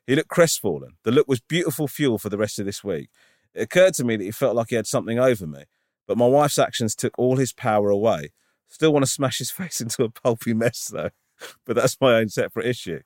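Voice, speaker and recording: A man's voice: medium pitch, animated, fairly quick, a little mellow, dry recording, clean studio sound. A man co-hosting a podcast, reading a listener's email and chatting in a sincere, self-deprecating way. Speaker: podcast co-host.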